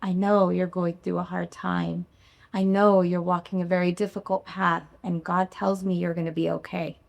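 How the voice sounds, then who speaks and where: A woman's voice: fairly low pitch, little pitch movement, normal speed, creaky, a little mellow. A woman quoting a praying woman who blesses and reassures a doctor in a fervent, soothing way.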